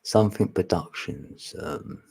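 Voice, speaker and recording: Bloke rambling on his live stream, bit low and husky, laughs a lot. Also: unhurried, a little mellow. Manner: laughs often, chatty and teasing. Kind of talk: casual live stream chat with viewers.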